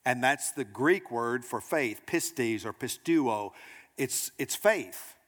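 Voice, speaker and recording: A man preaching a sermon to a congregation, lively and direct, acting out quoted voices and asking the room questions. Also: mid-range voice, slow pace, long reverb tail. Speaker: pastor. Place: church sanctuary.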